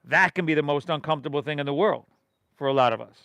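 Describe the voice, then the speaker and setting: A man's voice: a little high, fast, creaky, a bit bright, clean tone, no echo. A middle-aged man from leading a live yoga class, giving rhythmic breath and pose cues with casual, encouraging asides. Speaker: yoga instructor.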